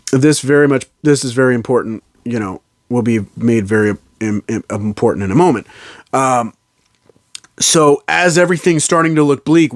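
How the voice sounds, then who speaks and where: A man talks through a film's plot in a loose, casual review. He rambles with frequent fillers and restarts, at a middle pitch. The sound is dry and close. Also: dry recording. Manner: rambling, fillers and restarts, slips into quoted lines. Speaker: movie reviewer. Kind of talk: casual spoiler recap of a film.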